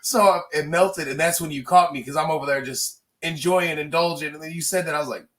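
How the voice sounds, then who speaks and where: A man co-hosting a podcast in casual, profane chat, talking in an animated way and swearing freely. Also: a little high, fairly quick. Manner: animated, swears freely, bursts into loud laughs. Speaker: podcast co-host.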